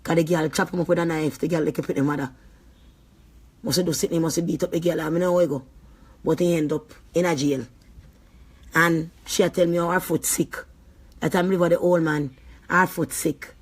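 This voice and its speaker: A woman's voice: low voice, fairly even intonation, moderate pace, long pauses. A woman speaking in a Jamaican accent vents in a vlog, her voice heated and full of swearing. She tells a long story in a loose, rambling way and keeps coming back to her anger. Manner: heated, profane, venting. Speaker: vlogger. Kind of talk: angry storytelling rant.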